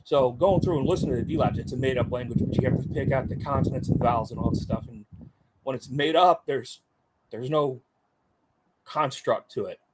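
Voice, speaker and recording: A man's voice: medium pitch, fairly quick, very noisy. A middle-aged man, a former Marine, telling stories in a casual interview, rambling with many fillers and acting out others' lines. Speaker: Marine veteran guest.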